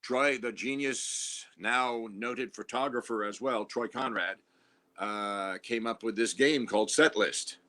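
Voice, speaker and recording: Brief: male guest with a bright voice, loose and talkative. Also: mid-range voice, a little slow. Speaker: guest comedian. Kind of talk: casual chat.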